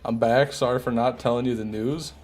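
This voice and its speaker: A man's voice: medium pitch, steady tone, fairly quick, darkish tone, soft background music. Man grumbling over a game stream. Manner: joking, grumbling to chat. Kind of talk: casual gameplay commentary.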